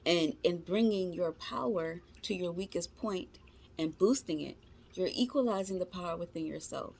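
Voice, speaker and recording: A woman with a lowish voice gives a casual tarot reading. She talks to her viewers as "y'all" in chatty, informal slang, reassuring and encouraging them. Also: normal speed, creaky, darkish tone. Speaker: tarot reader.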